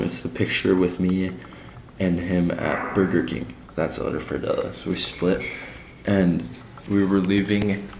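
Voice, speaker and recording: Young missionary man, low and gravelly, casual slangy video diary, roomy echo. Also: a little hiss or hum. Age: young adult. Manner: laid-back and slangy, many fillers.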